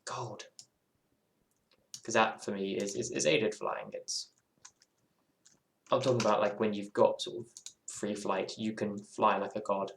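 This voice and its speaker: A gaming streamer with a lowish, creaky voice chats casually while he plays, rambling and musing, breaking off and circling back. He keeps a measured pace and fairly even intonation with long pauses, and the sound is reverberant with slight background noise.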